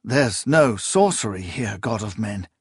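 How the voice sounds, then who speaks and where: Deadpan court advisor, as a man puts him on. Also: lowish voice, measured pace, slightly rough, no echo, studio quality, heavily acted. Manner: blank, deadpan. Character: blank, flat-toned male court advisor.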